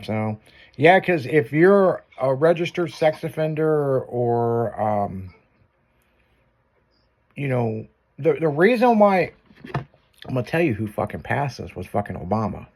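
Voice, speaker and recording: A man's voice: medium pitch, big pitch swings, a little slow, long pauses, darkish tone. A man hosting a chat show, telling crude stories and laughing as he goes. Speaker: show host. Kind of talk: casual profane chat show banter.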